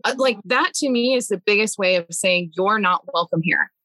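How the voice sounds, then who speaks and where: A young adult woman hosting a casual family conversation podcast, talking in an earnest, animated way and thinking aloud with lots of "like"s. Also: medium pitch, normal speed, no room sound. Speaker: podcast host.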